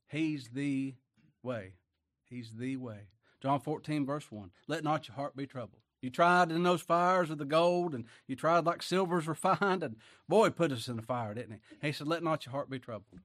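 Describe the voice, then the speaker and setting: A man preaches in a fairly high voice, dropping into quiet folksy asides before climbing to loud, emphatic declarations. He chuckles between points, and the recording is close and dry, with no room sound. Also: normal speed, dry recording. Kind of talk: sermon.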